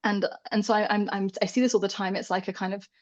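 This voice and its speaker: A woman speaks as a guest in a casual interview about her field. Her talk is frank and animated, with the odd swear word. The recording sounds somewhat dull and lo-fi, and her pitch sits in a middle range. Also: fast talker. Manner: candid and animated, swears freely, often laughs. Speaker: dog behavior expert, podcast guest.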